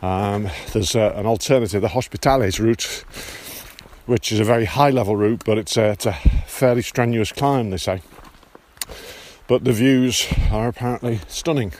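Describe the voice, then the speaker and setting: A man from Britain with a British English accent chats about walking the Camino on his podcast, his voice lowish and a little mellow at a normal speed. He pokes fun at himself and often begins his sentences again.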